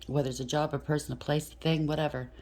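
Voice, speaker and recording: A woman's voice: sits low, steady tone, fast, darkish tone. A woman giving a casual tarot reading, chatty and blunt, thinking aloud and swearing freely. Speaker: tarot reader.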